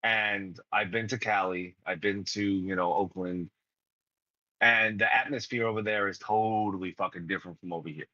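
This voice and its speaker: A man from New York talks in a bright, forceful voice with a New York accent. He rambles and swears through a loose podcast chat. The sound is dry and a little dull. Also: fairly low pitch, steady tone, normal speed, no echo. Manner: rambling and profane, heavy fillers. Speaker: podcast co-host. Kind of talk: casual chat.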